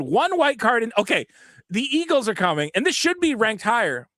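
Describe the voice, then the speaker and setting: A man co-hosting a podcast, ranting with animated, profane energy and quoting other players in put-on voices. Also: very high voice, moderate pace, dry recording, clean studio sound. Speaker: podcast co-host. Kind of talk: casual podcast chat.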